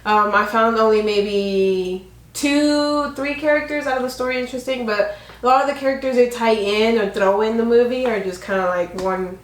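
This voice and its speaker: A woman's voice: fairly high pitch, normal speed, roomy sound, poor audio. A woman co-hosting a casual couple's film review, chatting loosely and summing up the plot with many fillers. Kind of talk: casual movie review chat.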